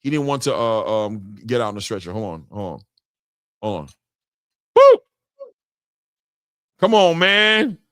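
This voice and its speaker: Excitable boxing host, dry close voice. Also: male voice, fairly low pitch, normal speed, clean tone, no room sound. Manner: excitable, hollers and drawls reactions. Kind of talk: casual chat while replaying fight clips.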